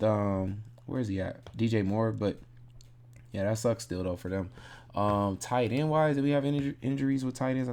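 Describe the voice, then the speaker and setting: A man with a lowish, darkish voice talks casually through his fantasy football picks. He muses out loud in a relaxed, meandering way, fixing his own mistakes as he goes.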